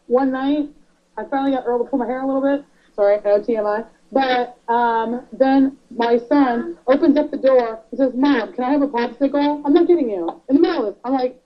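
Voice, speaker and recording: A woman co-hosting a casual podcast chat who tells stories with lively energy and acts out her own panicked lines. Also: high-pitched. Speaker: podcast co-host. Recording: dull lo-fi podcast audio.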